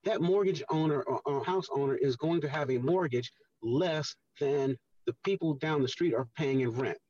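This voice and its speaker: Male radio guest, husky, earnest explainer, heard from a distance on a dull line. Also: fairly high pitch, moderate pace, a little mellow, no room sound. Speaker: guest, housing redevelopment official. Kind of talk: radio interview talk.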